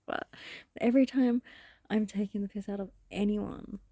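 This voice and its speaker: Slow gravelly-voiced woman vlogger. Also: mid-range voice, fairly even intonation, mellow, dry recording, studio quality. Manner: rambling, self-reflective, laughs often. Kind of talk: casual reflective monologue.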